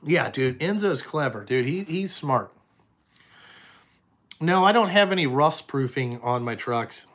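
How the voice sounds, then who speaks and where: A man's voice: a little high, expressive, unhurried, long pauses, fairly bright tone. A young man, the owner of a trucking company, chatting casually and profanely on a live stream and answering viewers' questions.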